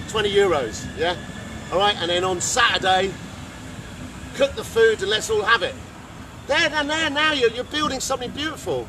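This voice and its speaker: An animated man leads an informal talk outdoors, his voice pitched a little high. He throws in slang like man and dude. Faint birdsong and outdoor noise sit behind him. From England. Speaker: workshop speaker. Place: outdoor gathering in the countryside.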